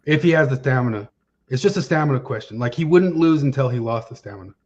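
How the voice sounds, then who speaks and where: A man hosting a casual podcast chat, rambling and often pausing with fillers while searching for names. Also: medium pitch, lively intonation, a little mellow, breathy edge. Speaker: podcast host. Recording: dull lo-fi sound.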